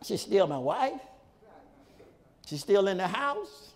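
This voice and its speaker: Man preaching in church, fairly high voice that swings all over, long hall echo. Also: sing-song, slow pace. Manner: folksy, repetitive preaching with shouted peaks and laughs. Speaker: pastor. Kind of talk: sermon. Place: church sanctuary.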